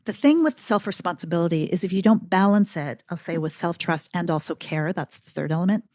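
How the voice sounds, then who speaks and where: A woman's voice: on the low side, a little fast, no echo. Emphatic middle-aged woman, dry close mic. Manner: emphatic, animated storytelling. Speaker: podcast guest, keynote speaker. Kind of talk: casual conversational interview.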